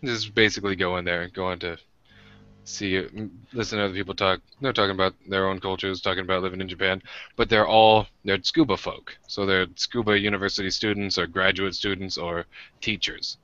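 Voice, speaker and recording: A man's voice: deep voice, fairly even intonation, a little fast, sharp tone, no echo, muffled recording. An American man co-hosting a podcast, telling rambling, self-deprecating stories in casual chat with many restarts. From United States. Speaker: podcast co-host.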